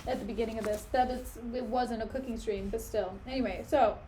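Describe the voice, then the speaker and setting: A woman streamer reads a play aloud and chats in between, giggly and self-mocking. Her voice is fairly high and bright. She talks loosely, with fillers and asides. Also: fairly even intonation, brisk, slight background noise, poor audio. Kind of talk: casual reading stream with commentary.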